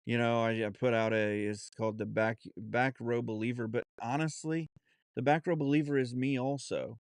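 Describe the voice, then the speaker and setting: A man with a Southern US accent hosts his own podcast, speaking unscripted and sincerely, full of pauses and restarts. His voice is smooth and clear at a middle pitch. The sound is close and dry. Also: fairly even intonation, no echo. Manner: halting, many restarts and fillers, earnest. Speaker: podcast host. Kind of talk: unscripted solo podcast talk.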